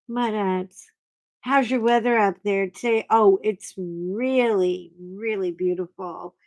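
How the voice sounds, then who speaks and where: A middle-aged woman hosting a casual livestream chat, telling stories in an animated way and greeting viewers by name. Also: mid-range voice. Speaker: livestream host.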